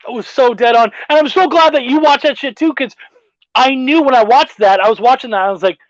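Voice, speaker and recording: Profane, animated middle-aged man. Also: extremely high pitch, a little fast, no room sound. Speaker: podcast host. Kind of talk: casual chat. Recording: dull dry lo-fi sound.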